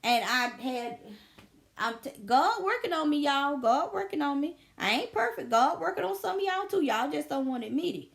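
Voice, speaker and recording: A woman in her thirties talking to her viewers in a casual vlog, telling stories in an animated, emphatic way. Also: high voice, moderate pace, vocal fry. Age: 30s. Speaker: vlogger. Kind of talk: casual storytelling commentary.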